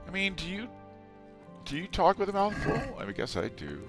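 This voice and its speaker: A man's voice: high-pitched, wildly swooping pitch, brisk, over loud music. A middle-aged man casually commentating a video game, rambling, amused at himself and chatting to his viewers. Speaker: let's play host.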